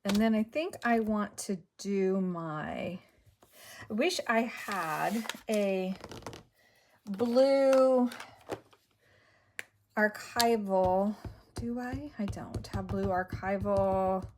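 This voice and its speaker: A woman's voice: mid-range voice, drawn-out words, pauses often, darkish tone, a little hiss or hum. A woman hosting a crafting video, thinking aloud as she works and muttering half to herself. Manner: talks to herself while working, trailing off and muttering. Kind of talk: casual crafting commentary.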